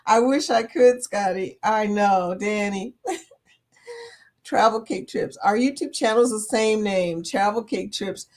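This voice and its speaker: A woman's voice: medium pitch, takes it slowly, darkish tone. A woman in her fifties hosting a casual live chat, reading viewer comments aloud, laughing often and playful. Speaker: livestream host.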